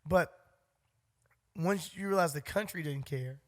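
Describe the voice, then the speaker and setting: A man's voice: a little high, measured pace. A man co-hosting a podcast, talking bluntly and heatedly in casual chat and swearing freely. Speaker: podcast co-host.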